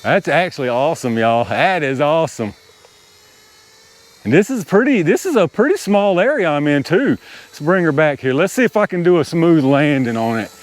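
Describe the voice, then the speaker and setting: Guy outside talking y'all through flying his toy heli, excitable, laughs at himself. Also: fairly high pitch, moderate pace. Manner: excitable, talks to viewers as "y'all", laughs at his own panic. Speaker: RC hobby video host. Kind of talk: casual running commentary while flying. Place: outdoors, small open area.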